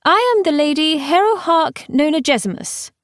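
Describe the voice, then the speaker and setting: A woman's voice: sits high, expressive, moderate pace, dry recording, clean studio sound, voice pushed up. A woman voicing a solemn, austere young noblewoman who speaks in a grave, formal intoning way. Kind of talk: audiobook character voice.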